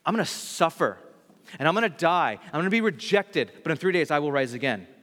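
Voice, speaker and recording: A man voicing a calm, plain-spoken male teacher who talks in a casual, earnest way. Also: fairly high pitch, a little fast. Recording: long hall reverb.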